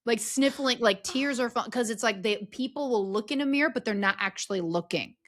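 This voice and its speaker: Earnest, expressive woman storyteller. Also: fairly high pitch, fairly quick. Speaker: podcast guest, speaker and story strategist. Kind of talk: casual conversational interview.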